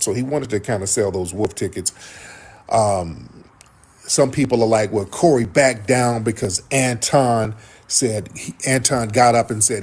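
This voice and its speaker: His voice is medium in pitch, husky and darkish, and a little slow. As a show host reading viewer comments, he narrates casually and acts out what other people said.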